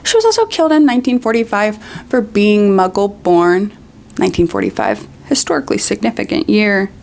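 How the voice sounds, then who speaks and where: A woman's voice: medium pitch, expressive, a little fast, creaky, a little mellow, a little hiss or hum. A young adult woman, a video essayist, giving sarcastic, pointed commentary on a book and reading passages aloud.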